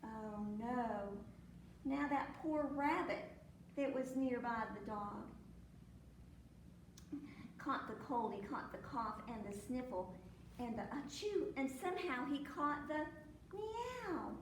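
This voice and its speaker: A woman's voice: high-pitched, lively intonation, a little slow, pauses often. A woman librarian reading a children's picture book aloud at storytime, acting out sneezes and animal sounds along the way. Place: library room. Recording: echoey room, mic at a distance, faint noise.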